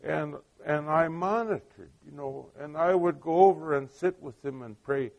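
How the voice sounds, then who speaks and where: A man's voice: on the high side, normal speed, vocal fry, darkish tone, dull audio. A middle-aged man preaching a sermon, telling stories in a conversational way with many asides and questions put to the listeners. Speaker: pastor.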